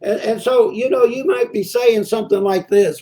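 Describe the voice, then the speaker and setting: High-voiced, mellow-toned man preaching plainly. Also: moderate pace, few pauses. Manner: conversational, reads scripture aloud then explains it; frequent hesitations and repeated words. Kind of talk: midweek devotional Bible study.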